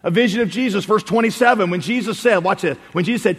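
A male pastor preaching in a church sanctuary with a long hall reverb around his voice. His voice sits high for a man, and his delivery is animated. He climbs to loud calls and then drops to hushed asides. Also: quick pace, slightly rough. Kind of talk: sermon.

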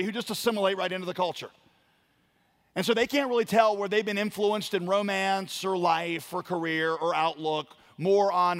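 A man preaching a sermon, building to loud emphatic lines and dropping to quiet ones. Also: sits high. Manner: emphatic preaching, dramatic swings in volume. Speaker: pastor.

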